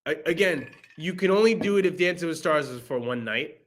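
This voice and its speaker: A man's voice: a little high, expressive, brisk, slight background noise. A young man co-hosting a podcast, chatting casually and jokingly about movies, laughing often. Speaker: podcast co-host. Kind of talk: casual movie review chat.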